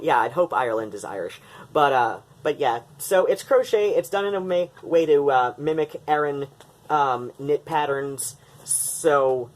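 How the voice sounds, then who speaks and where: A man chatting casually to camera as a vlogger, rambling with lots of fillers and restarts. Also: mid-range voice. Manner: coos baby talk to pets.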